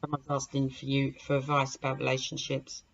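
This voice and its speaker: A tarot reader gives her viewers a casual, rambling reading, chatting to the cards as she deals them. She speaks fairly quickly in a bass voice with vocal fry and a completely flat delivery, captured on a dull lo-fi recording with faint hiss.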